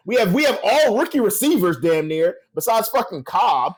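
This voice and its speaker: A man's voice: sits high, animated, fast talker, hardly any pauses, slightly rough. A man co-hosting a podcast, venting in exasperated casual chat and mimicking others mockingly. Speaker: podcast co-host.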